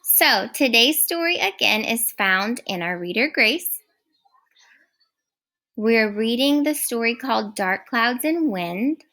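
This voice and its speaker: Slow-speaking woman teacher. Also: a little high, expressive, sharp tone. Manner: slow, clear, encouraging teacher talk. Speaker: first grade teacher. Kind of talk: recorded phonics lesson.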